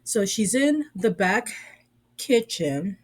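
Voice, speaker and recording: Woman, sarcastic recap vlogger, unhurried delivery. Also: mid-range voice, big pitch swings. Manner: sassy, sarcastic, drawling storyteller. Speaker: reviewer. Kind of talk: casual recap and commentary.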